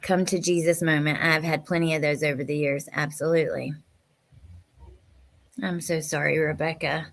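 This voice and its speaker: A woman hosting a live stream, chatting casually and emotionally as she answers viewer comments, sometimes sinking to a soft near-whisper. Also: sits low, level tone, moderate pace, vocal fry, pauses often. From West Virginia. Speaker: livestream host.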